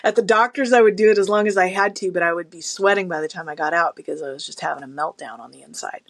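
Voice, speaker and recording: A middle-aged woman, a podcast guest, talking in a casual conversational interview with animated storytelling. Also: lowish voice, fast, dry recording, clean studio sound. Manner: animated storytelling, acting out quoted people.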